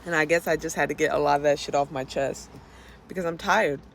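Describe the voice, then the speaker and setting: A woman's voice: low voice, fairly even intonation, a little fast, gravelly, slight background noise. Frustrated woman ranting, blunt and profane. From Florida. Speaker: vlogger. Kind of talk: unscripted personal rant.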